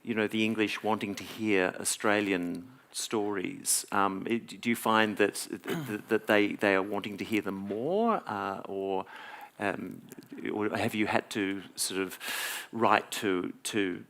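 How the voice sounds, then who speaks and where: A man moderates a live public conversation, putting his questions together hesitantly and often repeating words as he goes. His voice sits fairly low in pitch. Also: flat delivery, a little slow, hardly any pauses, fairly bright tone. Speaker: interviewer, moderator.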